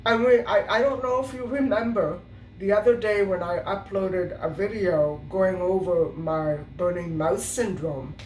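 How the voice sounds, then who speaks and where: A woman's voice: mid-range voice, a little slow, a little mellow, a little hiss or hum. Middle-aged woman, storytime vlogger, meandering delivery full of fillers, picked up in a roomy space some way from the mic. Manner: rambling, with many fillers and restarts. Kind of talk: casual storytime monologue. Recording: roomy sound from a distance.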